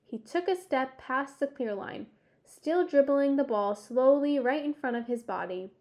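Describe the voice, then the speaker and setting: A woman narrating a children's sports story in a measured, expressive storytelling way. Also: high-pitched. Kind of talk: audiobook narration.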